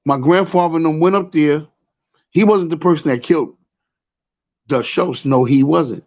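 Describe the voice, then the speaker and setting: A man's voice: a little high, moderate pace, darkish tone, dull audio. A man with a New York accent telling a rambling story in casual talk, often repeating "you know what I'm saying.". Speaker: show host.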